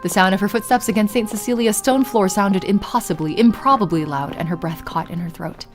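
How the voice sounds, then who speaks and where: A woman's voice: medium pitch, a little fast, faint music behind. A young woman streamer narrating a visual novel and chatting with her viewers, laughing often. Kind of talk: let's play narration and chat.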